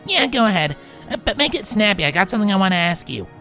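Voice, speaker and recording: A woman's voice: mid-range voice, big pitch swings, fast, over music, voice pushed up. A woman voicing a brash, tomboyish young female pegasus in a fan fiction reading, casual and teasing.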